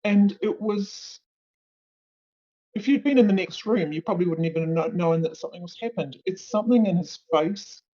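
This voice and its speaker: A woman recounts her own story as an interview guest. She pauses often and searches for her words. The audio is muffled and lo-fi. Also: on the low side, dark tone. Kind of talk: personal account in an interview. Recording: dull lo-fi recording.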